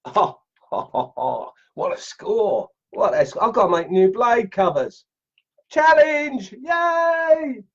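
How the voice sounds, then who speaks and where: Australian man, middle-aged, chatty and excitable livestream host, husky voice, muffled home-workshop recording. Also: sits high, measured pace. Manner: excitable, chatty, exclaims and laughs, greets viewers by name. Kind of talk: casual live-stream chat, unboxing and testing knives.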